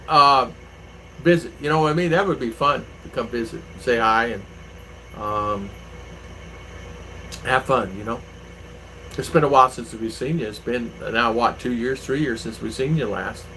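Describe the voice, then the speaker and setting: A man chats to his viewers in a loose, rambling way, wandering through his stories with plenty of fillers. His pitch sits in an ordinary middle range. A faint air-conditioner hum runs underneath. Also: creaky, pushed and bright, rough recording. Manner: rambling, anecdotal, with many fillers. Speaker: vlogger, channel host. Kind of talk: casual chat to viewers. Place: home in the Philippines.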